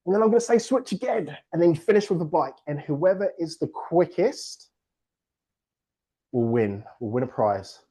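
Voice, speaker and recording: A man's voice: a little high, normal speed. A man hosting a virtual book launch on a video call, playful and jokey, leading party games and sometimes out of breath. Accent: non-American English. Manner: lively, playful, jokey, breaks into laughter. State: out of breath at times.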